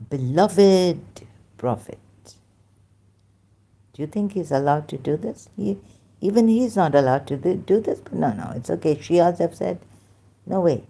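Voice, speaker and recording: A woman giving an informal critical commentary monologue, rambling and halting, with many restarts and rhetorical questions. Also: lowish voice, mellow. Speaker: online commentator.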